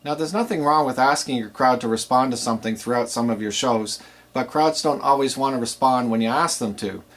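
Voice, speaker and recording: Speaking fairly quickly in a mid-range voice, a DJ instructor walks aspiring DJs through the material in an instructional video. His delivery is plain and explanatory, with some fillers.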